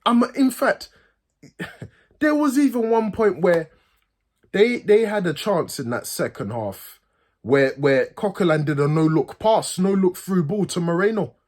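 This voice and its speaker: A man, a football fan host, ranting furiously, swearing and repeating himself, his voice swinging from high outbursts to low mutters. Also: expressive, unhurried. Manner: pitch swings from loud highs to low mutters. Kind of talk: angry fan rant.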